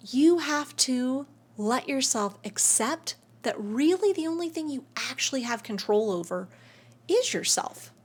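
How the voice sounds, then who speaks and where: A woman hosting a spiritual self-help video, talking to camera in an air-conditioned room, emotive and swinging between soft and excited. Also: sits high, husky.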